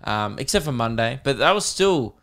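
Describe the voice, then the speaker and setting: Very animated and fairly bright, he talks at a moderate pace in a mid-range voice. He's a twenty-something Australian man hosting a podcast, chatting casually and telling stories with relaxed self-mockery.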